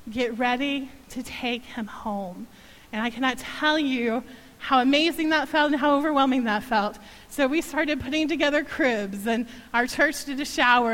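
High-voiced woman giving heartfelt testimony. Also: in a large hall, rough recording. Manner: heartfelt, animated storytelling with acted-out quotes. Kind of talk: emotional sermon testimony.

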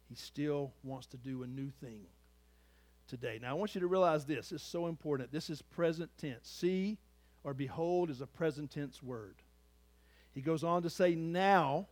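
A man preaching a sermon as a pastor, moving between loud, emphatic lines and quiet, hushed asides. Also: a little high, no room sound.

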